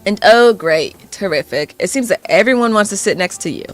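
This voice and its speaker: A woman's voice: mid-range voice, brisk, soft background music. A woman streamer reading a dating game aloud in a playful way. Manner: playful, animated.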